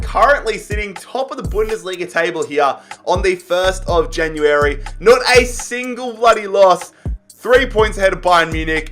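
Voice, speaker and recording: An excitable young man commentating on his game, with a high voice that jumps when things go his way. He talks casually and swears freely, calling out to his viewers. Faint music plays underneath him. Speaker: gaming YouTuber.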